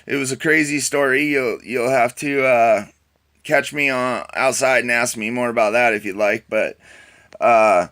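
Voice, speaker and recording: Bright-voiced man telling a rambling story. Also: medium pitch, fairly even intonation, unhurried. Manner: rambling, with frequent fillers and restarts. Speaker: vlogger. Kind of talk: casual personal storytelling.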